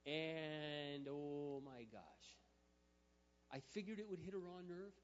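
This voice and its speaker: A male pastor telling a story in a sermon, moving from quiet, intimate storytelling to loud, emphatic preaching. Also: a little high, slow. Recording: muffled sound with long hall reverb.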